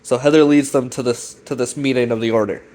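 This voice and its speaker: A man's voice: medium pitch, steady tone, fast talker, darkish tone. Man rambling through a profane plot recap. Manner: loose, profane, full of fillers and restarts. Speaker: web series recap host.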